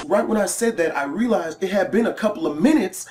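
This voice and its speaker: A woman's voice: mid-range voice, fairly quick. Woman vlogger, profane casual storyteller, faint music, echoey room. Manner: animated, profane. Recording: roomy echo, faint music.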